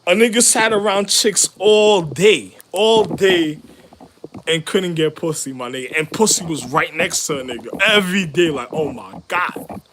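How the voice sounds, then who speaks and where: High-voiced man ranting and laughing. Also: a little slow, slight background noise. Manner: swings between loud laughing outbursts and low mutters; profane, streetwise slang. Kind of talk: rambling monologue.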